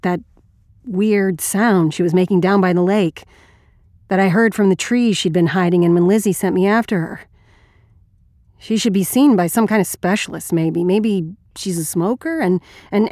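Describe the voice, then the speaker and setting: A woman's voice: on the low side, a little mellow, no echo, clean studio sound, natural voice. A woman reading an audiobook as a blunt, wry, crude male ex-Marine narrator.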